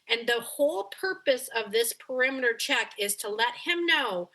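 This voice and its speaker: A woman's voice: fairly high pitch, expressive, moderate pace, few pauses, pushed and bright. A woman dog behavior coach on a coaching call, talking animatedly and acting out the voices of dogs and owners.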